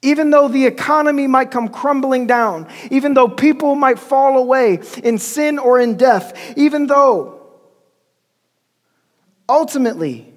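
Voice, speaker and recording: A man preaching a sermon in a church, telling stories in a conversational way and calling for responses from the congregation. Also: extremely high pitch. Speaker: pastor. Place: church sanctuary. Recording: long church-hall reverb.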